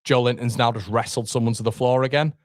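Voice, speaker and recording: A man's voice: mid-range voice, fairly even intonation, fast talker, no echo. A man giving live fan commentary on a match, swearing and groaning at every mistake. His voice sits mid-range and sounds dry and close to the mic. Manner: anxious, exasperated, swearing, rising to shouts at the keeper. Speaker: fan watchalong host.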